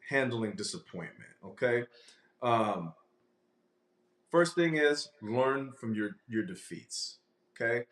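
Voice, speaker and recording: A man's voice: medium pitch, echoey room. A man giving a sermon-style teaching in a conversational way, often checking in with the listeners. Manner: conversational, frequent "um" and "okay?". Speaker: professor and speaker.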